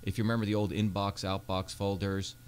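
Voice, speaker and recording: A man's voice: fairly low pitch, flat delivery, a little fast, a little hiss or hum. A man, a Senate candidate telling his life story earnestly in a radio studio interview, with many fillers. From India.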